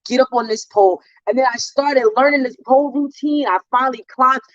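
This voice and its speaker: Woman from New Jersey, lively interview guest who acts out voices, dry and dull recording. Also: high-pitched, a little fast, no echo. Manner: animated storyteller, acts out voices. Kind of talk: storytelling interview.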